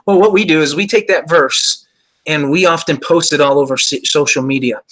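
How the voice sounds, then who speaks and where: Earnest man explaining faith, slightly high. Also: fairly quick, a bit bright, low-quality recording. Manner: earnest, explanatory, many "you know" fillers. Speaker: show host. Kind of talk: casual faith discussion.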